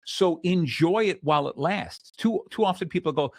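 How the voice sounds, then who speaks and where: A man's voice: a little high, moderate pace, no echo, clean studio sound. A man hosting his own talk show, telling stories with energy and frequent restarts. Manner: energetic storytelling, many restarts. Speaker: host. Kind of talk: casual chat.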